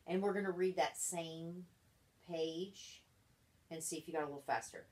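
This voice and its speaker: A woman's voice: fairly low pitch, normal speed, a little mellow. Patient woman tutoring a young reader. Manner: encouraging, patient, explains step by step. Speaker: reading tutor. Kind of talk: one-on-one reading lesson.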